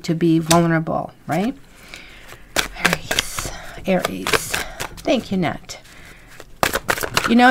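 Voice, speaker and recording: Chatty woman tarot reader. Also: on the low side. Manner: chatty and rambling, thanks viewers by name. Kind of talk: live weekly tarot reading.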